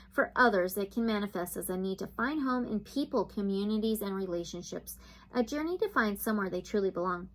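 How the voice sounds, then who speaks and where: A woman tarot reader reading oracle card messages aloud in a slow, soothing guided-meditation way, now and then breaking into excited gushing. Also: medium pitch, rough recording.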